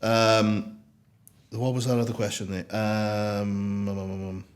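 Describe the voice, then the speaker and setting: A man's voice: lowish voice, little pitch movement, unhurried. A man hosting a podcast interview, laid-back and jokey, swearing casually. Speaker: podcast host.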